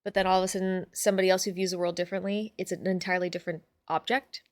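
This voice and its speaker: A woman hosting a casual stream, chatting with viewers in an animated, sweary way. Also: fairly low pitch, very fast, no echo. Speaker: streamer host.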